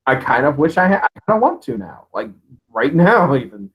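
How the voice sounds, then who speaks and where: A man co-hosting a live show, chatting casually in an animated way and laughing easily. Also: mid-range voice, brisk, lo-fi sound. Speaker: co-host. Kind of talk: casual live-stream chat.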